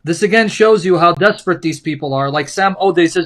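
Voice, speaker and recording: Emphatic sarcastic man, high bright voice. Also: lively intonation, brisk. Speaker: co-host. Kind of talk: heated apologetics discussion.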